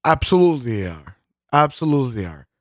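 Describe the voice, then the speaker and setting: A man's voice: medium pitch, sing-song, quick pace, no echo, clean studio sound. A man co-hosting a podcast in casual chat, swearing constantly and rambling with fillers and restarts. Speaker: podcast co-host.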